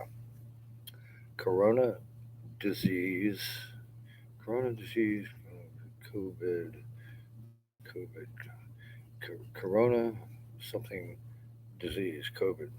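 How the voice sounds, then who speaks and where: Deep-voiced man rambling and cursing. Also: slow pace, pauses often, darkish tone, a little hiss or hum, poor audio. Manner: profane, rambling, laughs between phrases; drops to mutters and whispers. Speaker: vlogger. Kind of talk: rambling monologue. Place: outdoors in a yard.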